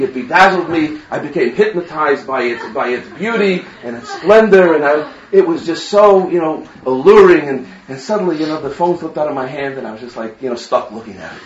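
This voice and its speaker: A man's voice: on the high side, reverberant, distant mic, muffled recording, slight background noise, lightly acted. A man voicing a young female bride-to-be who sounds enchanted and apologetic.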